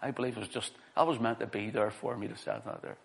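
Gravelly earnest male preacher. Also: fairly low pitch, fairly even intonation, fast talker. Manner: earnest, building to emphatic stresses. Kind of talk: sermon with a personal story.

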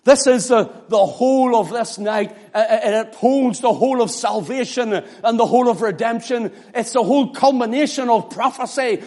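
A man preaching an impassioned sermon, swinging from loud exclamations to hushed near-whispers. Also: high-pitched, moderate pace. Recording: echoey hall reverb.

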